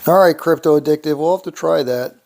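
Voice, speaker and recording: A man hosting a casual livestream, counting out money and reading viewer comments aloud in a relaxed, thinking-aloud way. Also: fairly high pitch, fairly quick, vocal fry. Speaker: livestream host. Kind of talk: casual live-stream chat.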